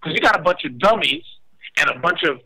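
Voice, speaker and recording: A man on a talk radio show with a very bright, lively voice that leaps up high when he mocks people. He rants in an animated, casual way, heard over radio broadcast audio. His voice sits a little above the usual pitch for a man. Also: fairly quick, breathy edge, poor audio. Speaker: radio co-host. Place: home in a Las Vegas suburb.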